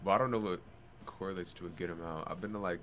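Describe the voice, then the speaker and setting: A man's voice: sits low, quick pace, fairly bright tone, slight background noise. A young man, a trainee at a college radio station, chatting in a laid-back, easygoing way. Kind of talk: casual radio chat.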